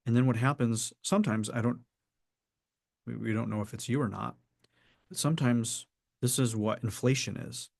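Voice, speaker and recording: Brief: male coach, measured reflective delivery, dry close-miked sound, middle pitch. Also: creaky, darkish tone, no room sound. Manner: measured, acts out quoted people. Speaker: spiritual coach.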